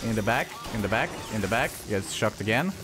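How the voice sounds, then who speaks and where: Male Let's Play commentator, low voice, exasperated and profane, loud game music behind. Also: lively intonation, brisk. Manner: frustrated, swearing, voice jumping up when annoyed. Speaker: gameplay commentator.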